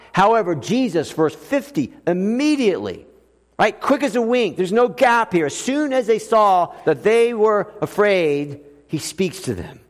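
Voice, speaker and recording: Male pastor, higher-pitched, funny storyteller, sermon in a hall with long echo. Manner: lively, humorous storytelling preacher.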